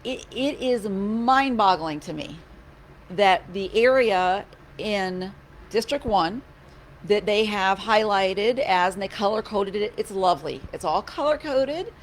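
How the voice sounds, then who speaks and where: In her office during office hours, a county commissioner keeps things casual, talking slowly at a medium pitch. Her chatter is animated and a bit sarcastic, full of restarted sentences. Faint background hum runs under it all.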